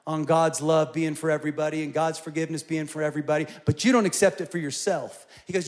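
Animated storytelling male pastor. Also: on the high side, brisk. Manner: animated storytelling with sudden loud emphatic peaks. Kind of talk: sermon.

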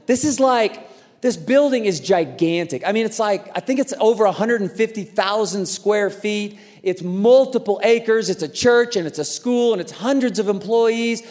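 High-voiced pastor in a reverberant hall. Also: male voice, normal speed. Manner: animated, acts out voices in his story. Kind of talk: storytelling sermon. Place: large church auditorium.

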